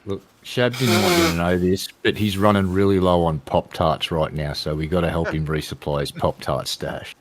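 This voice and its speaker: A man's voice: sits low, fairly even intonation, normal speed, few pauses, background noise. An Australian man bantering with friends on a stream while drinking, swearing freely and joking. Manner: crude, swears a lot, jokey.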